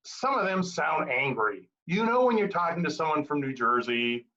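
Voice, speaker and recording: Animated man giving a humorous speech. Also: fairly high pitch, normal speed, lo-fi sound. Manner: humorous, animated storytelling delivery. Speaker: Toastmasters speaker. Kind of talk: prepared club speech.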